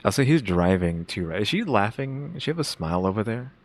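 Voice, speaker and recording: A man co-hosting a reaction video, thinking aloud in a halting, casual way with frequent restarts. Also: fairly low pitch, sing-song, no room sound. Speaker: reaction co-host.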